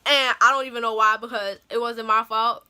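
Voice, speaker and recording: A young woman with a high, bright voice tells a story on her vlog. Her telling is loose, slangy and animated, full of casual asides to her viewers. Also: brisk, clear, resonant tone. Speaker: vlogger.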